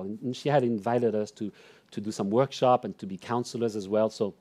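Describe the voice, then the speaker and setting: A middle-aged man preaching a sermon in church, swinging between loud emphatic declarations and soft, near-whispered lines. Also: medium pitch, normal speed. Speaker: pastor.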